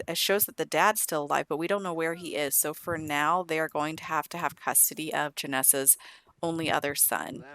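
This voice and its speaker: A woman's voice: deep voice, a bit bright. A woman casually narrating a life-sim game, chatty with amused asides to the characters on screen. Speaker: gameplay narrator. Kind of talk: casual let's-play narration.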